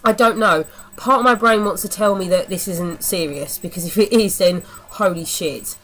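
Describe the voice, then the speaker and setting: A woman's voice: medium pitch, normal speed, a bit bright, rough recording. A young woman giving a casual, mocking film review, blunt and rambling, swearing freely.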